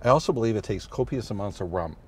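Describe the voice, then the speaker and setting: Middle-aged priest, deep-ish voice, rambling and good-humored, road noise of a moving car behind him. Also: male voice, animated, quick pace. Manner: rambling, many restarts and "you know"s, good-humored. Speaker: priest, interview guest. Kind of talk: casual storytelling chat.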